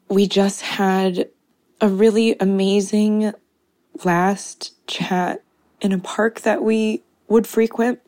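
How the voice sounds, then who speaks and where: A woman caller crying as she leaves a slow, heartfelt recorded message, pausing often. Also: mid-range voice, a little mellow, no room sound.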